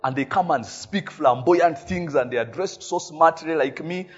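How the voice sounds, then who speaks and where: A man with a Ugandan English accent preaching a sermon, telling stories in a lively way, tagging his lines with "eh?" and laughing often. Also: on the high side, moderate pace, husky, lo-fi sound. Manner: animated storytelling, frequent "eh?" tags, laughing often. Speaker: pastor.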